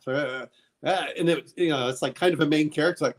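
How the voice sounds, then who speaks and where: A man's voice: fairly high pitch, brisk. A man hosting a casual chat, rambling through recommendations with many fillers and restarts. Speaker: podcast host.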